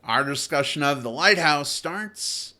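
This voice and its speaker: Guy hosting a movie podcast, bright voice, swings up and down a lot, playful. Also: a little high, a little slow. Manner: animated, playful, filler-heavy. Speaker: podcast host. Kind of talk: casual chat.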